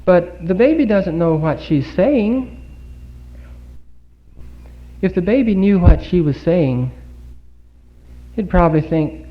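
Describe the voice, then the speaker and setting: Male preacher, earnest sermon delivery, rhetorical questions, lively rising and falling pitch, dull 1950s recording. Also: slow, long pauses. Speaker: speaker giving a Bible talk. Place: congregation hall.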